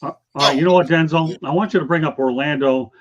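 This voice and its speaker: A man's voice: fairly high pitch, fast, lo-fi sound. Opinionated man hosting sports talk. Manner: emphatic, opinionated, keeps saying okay. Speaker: sports talk show host.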